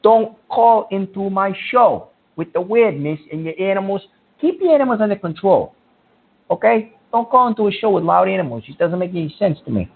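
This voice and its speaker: A man hosting a call-in radio show, brash and quick to insult callers. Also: high voice, expressive, gravelly, slightly rough. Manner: brash, insulting, easily riled. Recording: tinny phone-quality audio.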